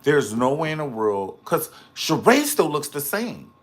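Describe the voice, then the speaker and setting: Sassy, lively man gossiping on a live stream. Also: on the high side, unhurried. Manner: sassy, dramatic and gossipy, full of slang asides; chats with viewers in the live comments. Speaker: live-stream reality TV reviewer. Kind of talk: casual live-stream commentary.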